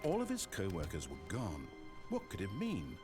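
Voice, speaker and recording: A man with a posh English accent voicing a dry, mocking male narrator in a game, speaking in a measured, sardonic way. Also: low voice, wildly swooping pitch, over loud music. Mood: wry. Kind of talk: scripted narration.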